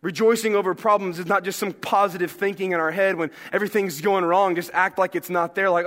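A young male pastor preaching a sermon in a church, talking in a relaxed, joking way and asking the congregation questions. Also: high-pitched, brisk, hardly any pauses. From American South. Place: church sanctuary. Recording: long hall reverb.

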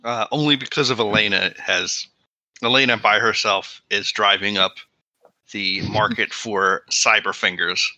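A man running a tabletop game as game master, talking haltingly with frequent pauses. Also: fairly low pitch, steady tone, sharp tone, dry recording, rough recording.

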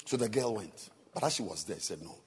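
A man preaching a sermon. He swings between soft asides and loud exhortation. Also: fairly low pitch, lively intonation, fast. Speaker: pastor.

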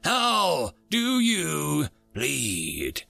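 A man voicing a stern, commanding human space admiral who speaks slowly and with authority. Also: on the high side, huge pitch swings, gravelly, sharp tone, dry recording, faint music behind, exaggerated voice.

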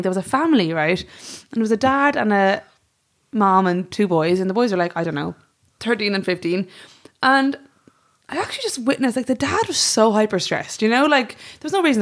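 Irish woman, young adult, podcast co-host, fast-paced, chatty storyteller, swears casually. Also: medium pitch, expressive. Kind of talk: casual chat.

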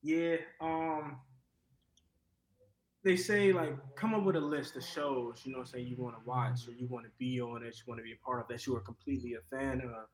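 A young actor from Cleveland talking casually in an interview, rambling with lots of fillers. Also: male voice, medium pitch, level tone, brisk, reverberant, slight background noise, low-quality recording. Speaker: actor guest.

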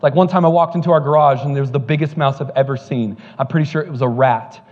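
A man's voice: mid-range voice, fast talker, darkish tone, in a large hall, highs cut off. A male pastor preaching a sermon, telling joking stories before building to fervent preaching at a church service.

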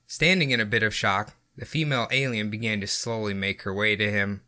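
A man's voice: fairly low pitch, fairly even intonation, brisk, bright, forceful tone. A man hosting a podcast, reading out a story in a casual way and laughing often. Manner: giggly, often laughing through his reading. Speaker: podcast host and story narrator.

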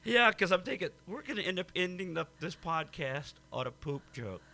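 A man's voice: sits high, sing-song, moderate pace, vocal fry, bright, forceful tone, a little hiss or hum. A man co-hosting a podcast, teasing and wisecracking in casual chat. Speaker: podcast co-host.

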